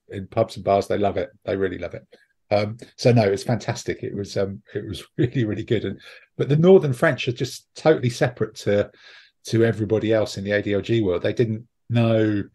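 A man's voice: on the low side, a little mellow, slightly rough. A man hosting a podcast, chatting casually and rambling with frequent ums and restarts. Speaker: podcast host. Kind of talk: casual chat.

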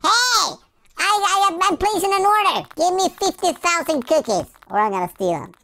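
A man doing a squeaky cheeky baby hedgehog. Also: expressive, moderate pace, bright, forceful tone, heavily acted, low-quality recording. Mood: goofy. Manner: goofy, silly rhymes and nonsense words. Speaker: game player. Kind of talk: playful gameplay commentary in character.

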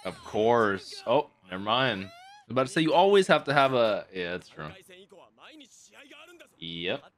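Excitable man reacting with casual swearing. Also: lowish voice, measured pace, faint music behind. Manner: excitable, jumps between loud hype and quiet musing. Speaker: anime reaction channel host.

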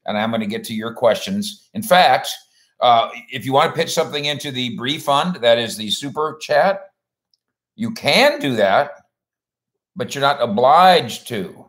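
Man, medium pitch, casual livestream chat, rambling folksy host, reads viewer comments. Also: lively intonation, measured pace, fairly bright tone.

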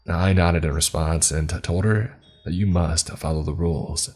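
A man narrating a horror story in a low, dark storytelling voice, with a husky tone. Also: fairly even intonation, normal speed. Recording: faint music behind.

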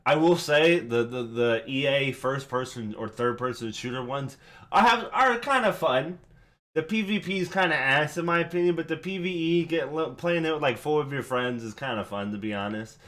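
A man hosting a reaction video, breaking down a rap battle in casual, excitable commentary with bursts of swearing. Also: medium pitch, moderate pace. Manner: excitable, swearing, hyping up lines.

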